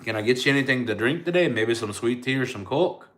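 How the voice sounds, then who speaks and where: A man's voice: medium pitch, animated, fast talker, a bit bright, lightly acted. A man doing a Southern waiter faking Irish. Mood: chirpy. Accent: put-on Irish over Southern American.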